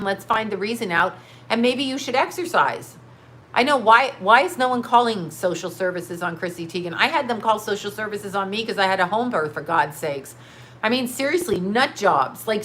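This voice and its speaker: A middle-aged woman hosts a casual livestream, reading chat comments and ranting bluntly with plenty of profanity. Her mid-range voice is a bit bright, picked up on a webcam or phone mic with a slight hiss or hum.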